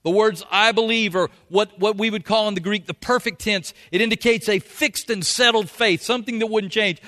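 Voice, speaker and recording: A pastor preaching a folksy sermon, now and then acting out quotes in a loud voice. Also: male voice, high-pitched, fairly quick, hardly any pauses. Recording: long hall reverb.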